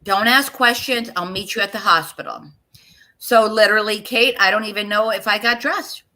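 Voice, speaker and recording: Earnest middle-aged woman, bright voice. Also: medium pitch, rough recording. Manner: earnest, halting with pauses and repeats, speaks straight to listeners. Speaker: interview guest. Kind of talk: emotional personal account in an interview.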